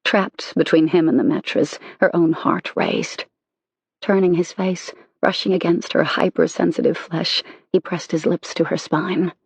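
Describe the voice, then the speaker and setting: An audiobook narrator reading a romance novel in an intimate, measured way. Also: medium pitch, steady tone, creaky, slightly rough, dry recording.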